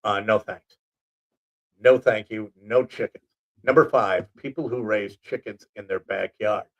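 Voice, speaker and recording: A man's voice: lowish voice, measured pace, low-quality recording. A man hosting his own talk show, in a rambling, joking monologue full of asides. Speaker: host. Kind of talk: casual comedic monologue.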